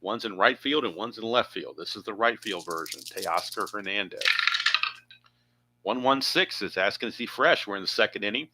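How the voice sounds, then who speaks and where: A man's voice: fairly low pitch, animated, normal speed, noisy background. A man narrating his own tabletop baseball game play by play, chatty and thinking aloud with asides.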